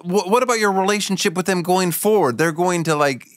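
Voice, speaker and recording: A man's voice: high voice, brisk, no echo, studio quality. A male talk show host teasing his guest in casual chat. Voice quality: teasing, joking.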